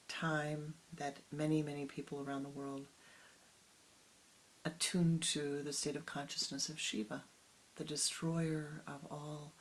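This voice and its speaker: Soft, slow, and often dropping to a whisper, a spiritual teacher gives a meditative sermon with long pauses and hesitant restarts. The voice is medium-pitched, and a little background noise can be heard.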